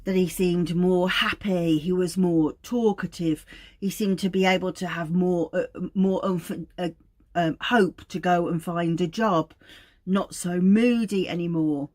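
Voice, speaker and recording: A woman's voice: lowish voice, fairly even intonation, unhurried, a little mellow. A woman, an aromatherapist, giving an informal teaching talk in a meandering, anecdotal way.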